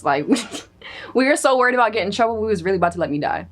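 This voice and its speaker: Animated young woman telling a wild story. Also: fairly high pitch, rapid-fire. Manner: animated, profane, acts out quoted voices. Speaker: storyteller guest. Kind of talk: casual comedic storytelling.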